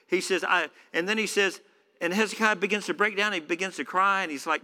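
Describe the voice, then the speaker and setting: A man's voice: sits high, expressive, moderate pace, pushed and bright. A man preaching a sermon in a church, conversational, with many fillers. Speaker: pastor. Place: church hall. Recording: echoey church hall.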